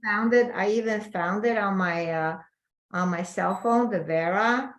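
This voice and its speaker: A woman's voice: medium pitch, unhurried. A woman taking part in a video call, making short remarks and asking questions about a skincare routine. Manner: short remarks and questions between the demonstrator's steps. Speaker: meeting participant. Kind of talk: casual chat on a video call.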